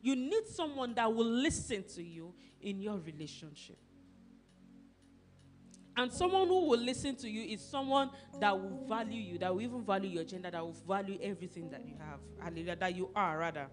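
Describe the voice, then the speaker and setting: Woman pastor, lively preacher, acts out arguments, soft music underneath. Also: mid-range voice, a little fast. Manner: animated, acts out quarrels and asks the congregation questions. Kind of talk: sermon.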